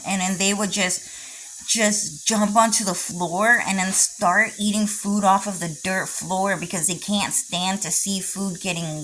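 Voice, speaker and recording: Slow-talking woman lecturing insistently. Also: medium pitch, fairly bright tone, slight background noise, rough recording. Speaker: vlogger. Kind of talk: rambling personal vlog monologue.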